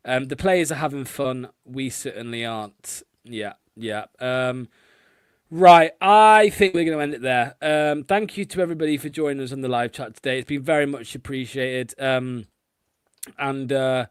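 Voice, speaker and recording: A man's voice: medium pitch, normal speed, clear, resonant tone, no room sound, clean studio sound. A man hosting a football fan live stream, chatting casually and swearing often, with lots of filler ums. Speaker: host of a fan watchalong stream.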